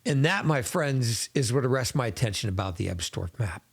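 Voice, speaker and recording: Gravelly earnest male podcast host. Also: medium pitch, expressive. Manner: earnest, measured, literary. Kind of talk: reflective podcast monologue.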